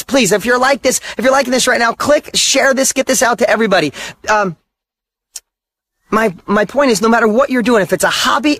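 A man's voice: high-pitched, a bit bright. A middle-aged man giving a motivational talk, driving his points home with punchy, short, repeated statements. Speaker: motivational speaker.

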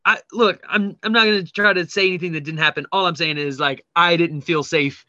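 A male podcast co-host with a fairly high voice speaks a little fast, with no echo and the highs cut off. He reads memes aloud in a casual chat, telling stories animatedly with laughter and swearing.

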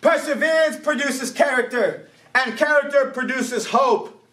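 A man preaching a sermon. He tells a story in a lively way, laughs along, and shouts his calls to action. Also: extremely high pitch, measured pace. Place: church hall. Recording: roomy, distant church mic.

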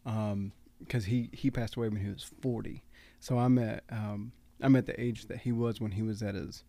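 A man in his late thirties with a gravelly, mellow voice, chatting in a casual podcast conversation. He talks in a reflective, unhurried way and sounds close and dry on the mic. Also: on the low side, steady tone, dry recording. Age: 30s. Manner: reflective, teasing, laughs often.

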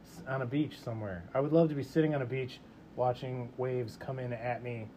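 A man's voice: mid-range voice, a little fast. Easygoing man hosting over a noisy hum. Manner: easygoing, laughs often, steers the talk. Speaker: podcast host. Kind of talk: casual chat. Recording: steady background noise.

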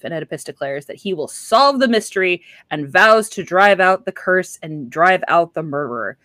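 Woman telling an old myth super casually, swears a lot, lowish voice, dry close sound. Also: animated, moderate pace, few pauses, a bit bright, no room sound. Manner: irreverent, profane, laughs often. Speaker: podcast host. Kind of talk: casual comic retelling of a myth.

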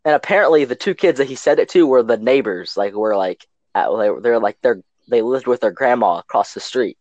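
A man's voice: medium pitch, expressive, brisk, darkish tone, dry recording, lo-fi sound. A young man casually telling a rambling story from his school days, full of fillers and restarts.

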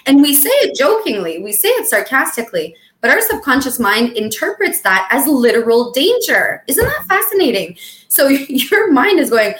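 Chatty expressive woman in an echoey room. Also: a little high, moderate pace. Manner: chatty and expressive, jokey, acts out dramatic quotes. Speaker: podcast co-host. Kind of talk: casual chat about weight loss.

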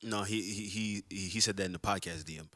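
A man co-hosting a podcast, talking loudly and passionately in a casual, heated debate. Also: on the low side, fairly even intonation, quick pace. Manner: loud and passionate, talks over others. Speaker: podcast co-host.

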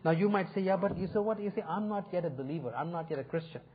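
A man's voice: high voice, animated, fast talker, slightly rough. A male pastor preaching a sermon in an earnest, inviting way, swelling and dropping his emphasis. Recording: phone-like narrow sound.

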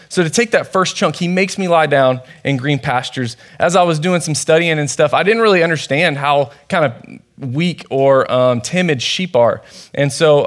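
A young man preaching a laid-back sermon at church with a slightly higher voice. He tells stories casually and leans on fillers and restarts as he goes. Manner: conversational, storytelling, many fillers. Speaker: youth pastor preaching.

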